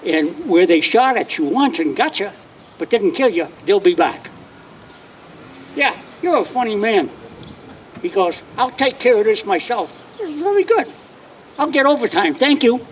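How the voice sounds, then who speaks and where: A man's voice: high-pitched, recorded from a distance, a little hiss or hum. Older storytelling man. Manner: wry storyteller acting out dialogue in voices. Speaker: retired homicide detective telling stories. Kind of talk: anecdotal speech to an audience. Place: outdoor public dedication ceremony.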